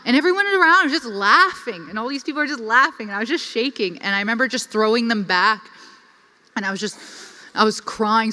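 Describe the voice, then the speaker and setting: Bright-voiced young woman speaking in a hall. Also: mid-range voice. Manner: lively, chatty, filler-heavy with frequent "like". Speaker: conference speaker. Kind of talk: personal storytelling to a live audience. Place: conference hall. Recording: reverberant hall.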